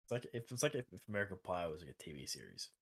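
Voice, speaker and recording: Low-voiced man, lively pitch swings. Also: very fast, vocal fry, husky. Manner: animated, chuckles while talking. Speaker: podcast co-host. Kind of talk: casual chat.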